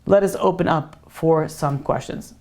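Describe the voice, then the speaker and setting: A little high in pitch, creaky, and darkish in tone, this rabbi's voice moves a little slowly. He leads a religious class, takes questions from students, and tells stories informally and conversationally, casually easing into a parable and then drawing out its lesson.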